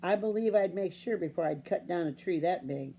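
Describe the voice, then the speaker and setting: A gentle, slow-talking farmer dad, as a woman reads him. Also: fairly low pitch, slight background noise, natural voice. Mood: calm. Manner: slow, calm and soft. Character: gentle, calm farmer father.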